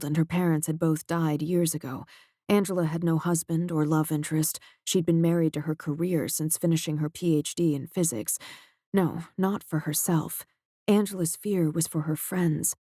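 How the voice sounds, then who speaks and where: A man narrating an audiobook in a measured, steady way, close to a studio mic. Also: fairly high pitch, no echo. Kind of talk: scripted narration.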